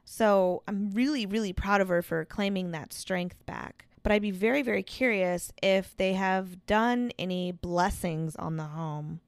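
A woman's voice: medium pitch, measured pace, hardly any pauses, clear, resonant tone, no echo. Woman, podcast co-host, reactive, joking, dry close mic. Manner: reactive, exclaims and laughs, jokes. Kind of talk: casual chat.

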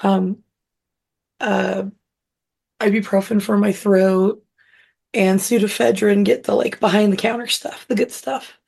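A woman with a husky, hoarse voice from being sick and a gravelly crackle underneath it. She co-hosts a casual podcast chat and rambles through her story with lots of "like" and "um.". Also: medium pitch, steady tone, a little slow, pauses often, darkish tone. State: hoarse from illness. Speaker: podcast co-host.

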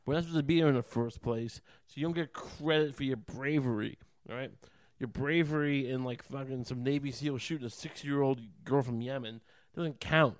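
A man delivers a rambling solo rant as a podcast host, swearing freely and turning heated. His voice sits at an ordinary middle pitch. It is recorded close and dry, with no room sound. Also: moderate pace, dry recording.

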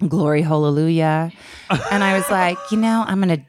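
A young adult woman co-hosting a podcast, telling stories in a deadpan, self-mocking way over a studio microphone. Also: fairly low pitch, moderate pace. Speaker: podcast co-host. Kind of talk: casual comedic chat.

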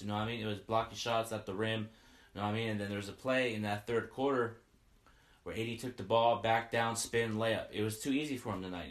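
A man runs through a game recap the way an eager fan does, piling up stats and asking "you know what I mean?" again and again. His voice sits fairly low. He speaks in a room with a clear echo. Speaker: sports podcaster recapping a game.

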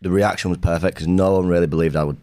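A man's voice: deep voice, racing, smooth, no room sound, clean studio sound. A man chatting as a podcast guest, telling stories loosely with lots of fillers and laughs. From Leeds, England. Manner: laughs often, relaxed storytelling with fillers. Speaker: podcast guest, former gymnast. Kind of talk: casual chat.

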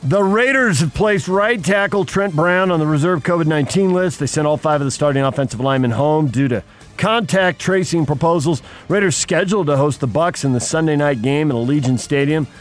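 A man's voice: on the high side, brisk, faint music behind. A man co-hosting a sports radio show, reading headlines and teasing his partner with dry humor. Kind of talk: casual sports radio banter.

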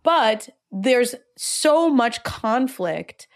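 A woman's voice: on the high side, drawn-out words. Enthusiastic woman podcast co-host. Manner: enthusiastic, animated storytelling. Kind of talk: casual TV discussion chat.

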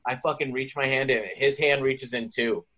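A man telling stories in casual podcast chat, profane and animated. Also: medium pitch, brisk, a little hiss or hum.

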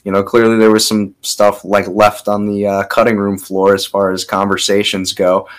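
Man, podcast host, lowish voice, relaxed and hedging, lots of fillers. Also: normal speed, low-quality recording. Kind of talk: casual interview questions.

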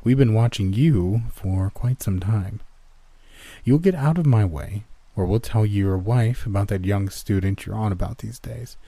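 A man voicing a cold, menacing male secret agent who speaks slowly and threateningly in a story reading. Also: lowish voice, gravelly, mellow, no room sound. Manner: slow, threatening, clipped.

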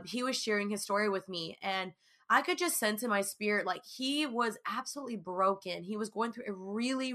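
A woman's voice: mid-range voice, bright, forceful tone. A young woman talking casually and earnestly to viewers about her faith, with many fillers. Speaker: Christian speaker sharing her testimony.

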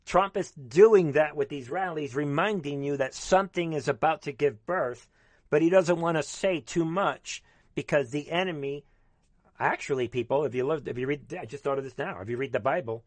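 A man's voice: fairly high pitch, moderate pace, dry recording. Fired-up ranting man, dry close sound. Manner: fervent, rambling, repeatedly addressing the audience. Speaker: commentator. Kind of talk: ranting political monologue.

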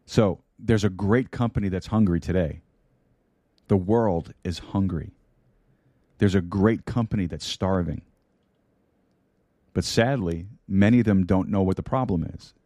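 A man's voice: sits low, measured pace, pauses often, warm tone, no echo. A male pastor preaching a podcast sermon in an earnest way, repeating key phrases for emphasis, into a studio microphone. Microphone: studio microphone with mute button.

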